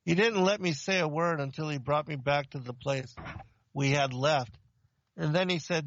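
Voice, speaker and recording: A man tells his testimony to a congregation in plain, earnest short sentences. His voice sits fairly high with a gravelly edge. The recording is dry and a little dull. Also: moderate pace, fairly bright tone, no room sound. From Romania. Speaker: preacher giving testimony. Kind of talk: testimony sermon.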